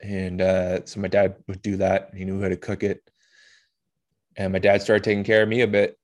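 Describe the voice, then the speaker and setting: A man hosting a podcast, telling a personal story in an emotional, halting way with blunt swearing. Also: deep voice, completely flat delivery. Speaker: podcast host.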